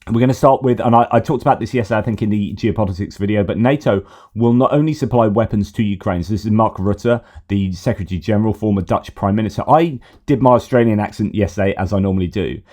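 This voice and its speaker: Fast-talking and on the low side, this middle-aged Briton has a darkish tone. As host of a war news channel, he delivers a casual news update, thinking aloud, wandering off track and fixing his own words.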